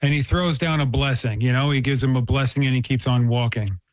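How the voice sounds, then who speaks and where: A man's voice: mid-range voice, fairly even intonation, brisk, no echo. A man in casual conversation, earnestly telling a parable and explaining ideas, often restarting his phrases and acting out the quoted lines. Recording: dull dry lo-fi sound.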